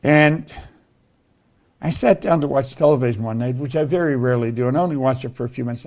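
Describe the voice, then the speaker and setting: A man's voice: medium pitch, fast talker, a little mellow. A man giving a motivational talk, telling stories in an earnest way. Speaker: motivational speaker.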